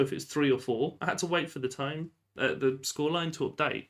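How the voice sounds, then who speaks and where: A man giving lively, casual commentary while playing a football management game, often shouting at the referee and laughing. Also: on the high side, fairly quick. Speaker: gaming YouTuber.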